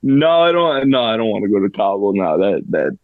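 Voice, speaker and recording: A man's voice: on the low side, very animated, fairly quick, dry recording. A man joins a podcast as a guest, joking wryly in casual chat with a voice that moves freely up and down. His slightly dull mic sounds muffled and lo-fi, with a dry, close sound.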